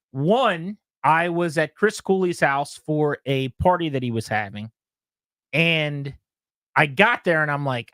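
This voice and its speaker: A man's voice: medium pitch, dry recording, clean studio sound. A male sports radio host telling a story in casual talk and acting out what people said. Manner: animated storyteller, acts out quotes with laughs.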